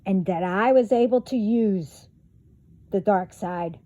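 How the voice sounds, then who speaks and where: A woman's voice: mid-range voice, takes it slowly, warm tone, dry recording. A woman vlogger delivering a profane, confrontational rant straight to her viewers. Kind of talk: angry rant to camera.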